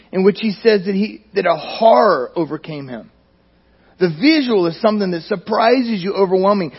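High, gravelly-voiced man preaching. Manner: emphatic, dropping to near-quiet at phrase ends. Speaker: pastor. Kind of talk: sermon. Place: church sanctuary. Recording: dull lo-fi recording.

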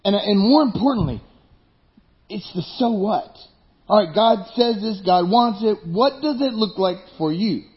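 A man's voice: high voice, lively intonation, a little slow, muffled recording. A male pastor preaching a conversational sermon, joking and asking the listeners questions.

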